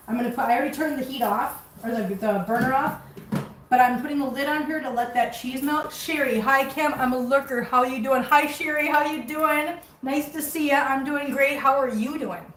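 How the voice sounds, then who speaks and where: A woman's voice: high voice, echoey room, recorded from a distance, a little hiss or hum, rough recording. A chatty middle-aged woman rambling casually to her livestream viewers while cooking in her home kitchen. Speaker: cat rescue vlogger.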